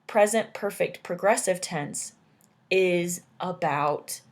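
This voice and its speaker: A woman's voice: fairly low pitch, takes it slowly. A woman teaching an English grammar lesson, explaining patiently and checking in with "right?" as she goes.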